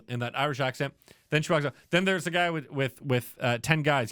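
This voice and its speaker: A man co-hosting a casual movie podcast, profane, acting out scenes in quick voices. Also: medium pitch, fairly bright tone, dry recording, studio quality. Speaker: podcast co-host. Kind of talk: casual movie review chat.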